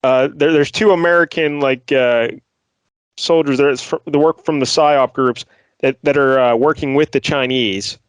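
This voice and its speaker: A man's voice: medium pitch, fairly even intonation, normal speed, clean tone, no echo. A man co-hosting a casual podcast about comics, talking in an incredulous way and swearing freely. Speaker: podcast co-host.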